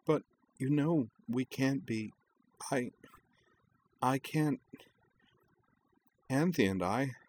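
A man voicing a tender, heartbroken young woman in a story reading, speaking softly and tearfully. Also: medium pitch, lively intonation, very slow, pauses often, slight background noise, voice pushed up, poor audio. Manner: soft, quiet, tearful delivery.

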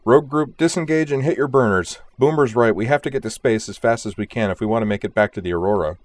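A man's voice: medium pitch, pitched above the performer's own voice, lightly acted. A man voicing a cool, commanding woman squadron leader. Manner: commanding, brisk radio calls.

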